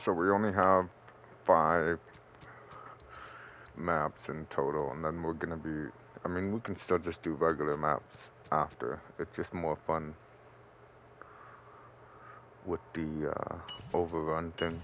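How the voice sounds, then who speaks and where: Male game streamer, deep register, easygoing and rambling, slight hum behind. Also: fairly even intonation, measured pace, fairly bright tone. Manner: laid-back, rambling, with fillers. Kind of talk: casual gameplay commentary.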